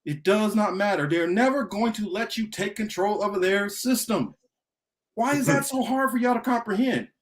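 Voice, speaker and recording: A man's voice: high-pitched, moderate pace. A man hosting a political talk show, ranting emphatically with heavy profanity and repetition. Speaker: podcast host.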